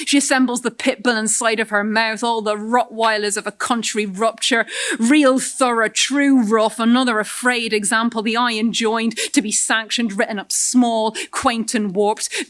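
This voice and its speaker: A woman with a somewhat high voice reads her own poetry aloud. Her delivery is deliberate and rhythmic, and she shifts the weight from phrase to phrase as she recites. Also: fairly even intonation, a bit bright. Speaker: poet. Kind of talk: poetry reading.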